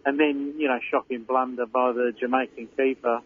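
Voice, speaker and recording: An older man with a Cockney accent talks football as a radio pundit, rambling through his points with plenty of "you know" and "uh". His voice is a little husky, and it comes through a narrow, tinny phone line. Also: mid-range voice, flat delivery, moderate pace. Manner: chatty, rambling analysis with fillers. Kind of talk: casual radio chat.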